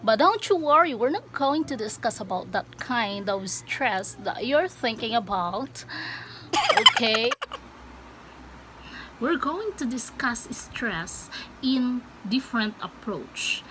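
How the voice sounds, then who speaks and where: A woman talks to her vlog viewers in a slow, relaxed, chatty way and often laughs lightly between points. Her voice sits a little high. A faint noise runs under the recording. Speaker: vlogger explaining word stress. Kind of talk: casual teaching vlog.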